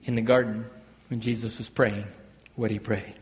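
A man's voice: flat delivery, moderate pace. Preaching man in an echoing hall. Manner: swings from loud emphatic bursts to hushed low phrases. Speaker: pastor. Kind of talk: sermon. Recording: long hall reverb.

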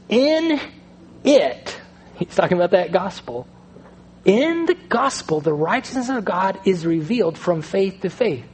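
A male pastor preaching a sermon in a conversational style, swinging between loud stretches and hushed ones. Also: sits high, husky.

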